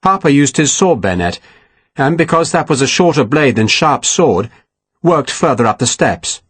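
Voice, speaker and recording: A man reads an audiobook in a husky voice with a lot of rise and fall in pitch. The sound is dry and close, and his telling is steady and expressive. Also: moderate pace, no room sound. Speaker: audiobook narrator. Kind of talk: scripted narration.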